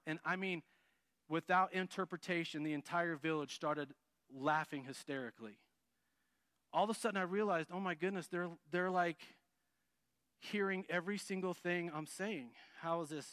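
A man telling a personal testimony story, acting out quoted lines and dropping low for asides. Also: normal speed, no echo. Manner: lively narration, acts out quotes, drops to a low murmur for asides.

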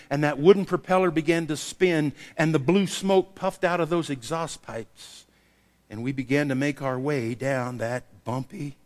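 A man preaching a sermon, telling a personal story and acting out the dialogue with lively variation. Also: a little high. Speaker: pastor. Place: church sanctuary. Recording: long hall reverb.

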